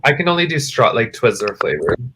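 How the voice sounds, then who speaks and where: A man's voice: medium pitch, very animated, brisk, noisy background. A man co-hosting a casual podcast, talking in a sassy, blunt, campy way. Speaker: podcast co-host. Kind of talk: casual chat.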